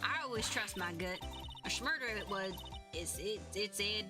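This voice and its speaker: A woman's voice: medium pitch, expressive, normal speed, lightly acted. Bumbling male cop, blustery and slangy, a woman reading him, game music behind. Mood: blustering.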